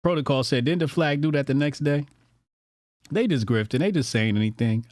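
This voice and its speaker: A man's voice: mid-range voice, very animated, normal speed, long pauses, dry recording, clean studio sound. A man hosting a casual commentary show, brash, profane and mocking.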